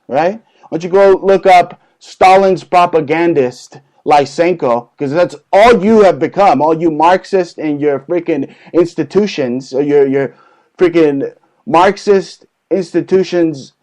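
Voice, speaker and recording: A man's voice: a little high, darkish tone. A male show host delivering a combative, profane satirical rant, peppering it with tag questions. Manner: profane, combative rant with constant "okay?" tags. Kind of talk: satirical ranting chat.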